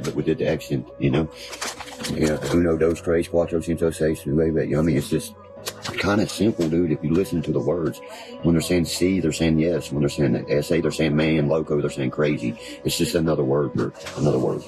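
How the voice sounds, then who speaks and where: Brief: a male streamer with a very low voice, profane and rambling, music playing behind him. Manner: profane, rambling, keeps asking "you see what I mean". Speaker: livestreamer. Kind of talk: casual livestream rant. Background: background music.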